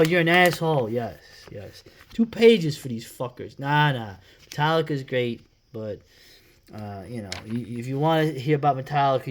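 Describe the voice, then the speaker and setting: A middle-aged man from New York, talking casually and at length as host, rambling, swearing freely and trailing off into quiet mumbles. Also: mid-range voice, a little hiss or hum. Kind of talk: casual solo commentary.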